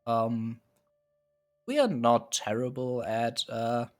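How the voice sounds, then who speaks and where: A man's voice: mid-range voice, animated, takes it slowly. A man streaming live, casually musing and hesitating as he sets up a strategy game, chuckling often. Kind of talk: casual live gameplay commentary.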